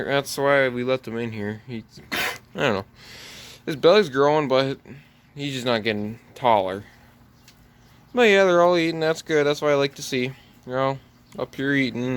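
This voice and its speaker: A man giving a relaxed, rambling walk-through tour of his farm barn, talking into a handheld camera. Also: medium pitch, smooth. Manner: easygoing, rambling with many "so yeah" fillers. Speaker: farm vlogger.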